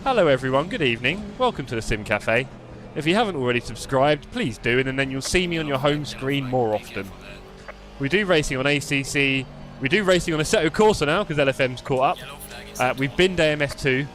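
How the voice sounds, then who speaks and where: A man's voice: mid-range voice, expressive, a little fast, fairly bright tone, soft background music. An English man chatting and joking with his live-stream viewers while he drives a racing sim, on a desktop mic. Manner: chatty, joking, talks to chat while driving. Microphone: desktop USB mic.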